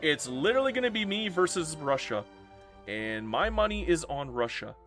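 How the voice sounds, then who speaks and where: A man streaming a strategy game live, narrating in a bright, fairly high and very lively voice. He talks in a theatrical, self-mocking way and swears freely, over faint background music. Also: normal speed. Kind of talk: live gameplay commentary.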